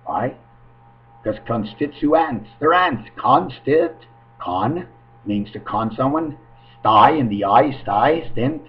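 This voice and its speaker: A man's voice: mid-range voice, lively intonation, takes it slowly. A man talking into his webcam at home in a rambling, free-associating monologue full of wordplay and sing-song asides. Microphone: webcam microphone. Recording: dull lo-fi webcam audio.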